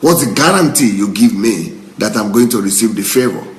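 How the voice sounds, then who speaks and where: A man's voice: lowish voice, expressive, brisk. Emphatic man in an echoey room. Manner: indignant, emphatic, repeats phrases for effect; breaks into laughter. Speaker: pastor. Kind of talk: live commentary answering viewer comments.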